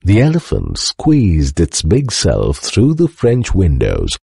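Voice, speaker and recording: A man's voice: deep voice, slow pace, vocal fry, breathy edge, no room sound, clean studio sound. Man reading a storybook aloud. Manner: animated, expressive reading. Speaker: storybook reader. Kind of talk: storybook narration.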